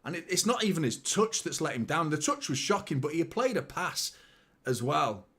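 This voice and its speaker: A young man with a fairly high, slightly rough voice hosts a live football watchalong at normal speed. Excitable and swearing, he rambles and repeats words as he reacts to the match and chats with viewers.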